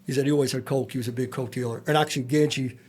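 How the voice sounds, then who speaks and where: A man's voice: mid-range voice, steady tone, rapid-fire, a little mellow, slightly rough. A man, a former federal agent, telling blunt and profane stories full of quoted dialogue as a podcast guest. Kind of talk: storytelling in a casual interview.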